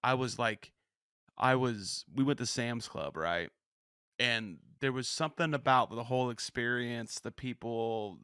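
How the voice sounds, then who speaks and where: A middle-aged man chats loosely on a podcast, circling his thoughts with lots of "like" and false starts. His voice sits low, and the close, dry recording has no room sound. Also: fairly bright tone, dry recording. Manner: rambling, self-interrupting, frequent "like" and restarts. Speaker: podcast co-host. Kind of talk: casual chat.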